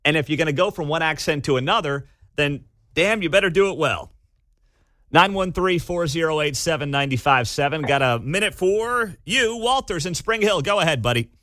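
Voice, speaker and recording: A man's voice: a little high, lively intonation, fairly quick, sharp tone, no echo. Sarcastic man hosting talk radio. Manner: sarcastic, incredulous. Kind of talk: opinionated talk radio commentary. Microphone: studio microphone. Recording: dry studio sound.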